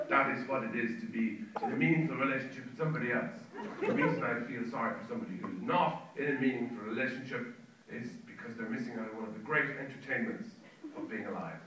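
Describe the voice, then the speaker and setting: An older man doing a rambling, wry stand-up comedy set with exaggerated delivery. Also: medium pitch. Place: comedy stage before a live audience. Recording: live club recording, roomy, distant mic, loud audience. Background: loud crowd laughter and noise.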